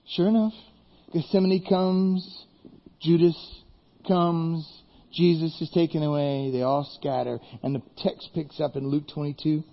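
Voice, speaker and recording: A man preaching a sermon as pastor, telling Bible stories in a lively way and acting out the characters. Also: on the high side, unhurried, lo-fi sound.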